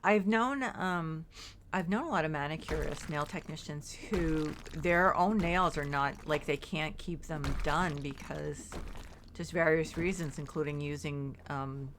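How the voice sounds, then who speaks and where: A woman's voice: low voice, unhurried, fairly bright tone, slight background noise. A middle-aged woman streaming a game, chatting in a rambling way and reading chat aloud while getting over being sick and yawning. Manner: frequent fillers and restarts. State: yawning, recovering from illness. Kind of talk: casual chat while playing.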